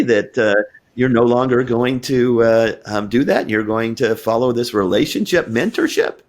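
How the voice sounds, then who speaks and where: Older guy hosting a chat show, rambly questions, lots of um and you know, mid pitch. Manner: rambling questions with many fillers. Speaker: podcast host. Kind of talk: casual interview.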